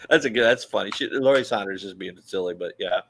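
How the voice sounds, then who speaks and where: A man's voice: fairly low pitch, normal speed, pushed and bright, slight background noise. A middle-aged man hosting a casual live podcast, bantering and laughing often. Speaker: podcast host.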